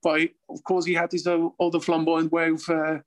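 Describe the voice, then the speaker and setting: On the high side and completely flat, this former footballer's voice moves briskly over poor audio. He's a Swiss man in his fifties with a Swiss accent, a guest in an interview, telling casual stories, chuckling a lot and restarting sentences as he rambles.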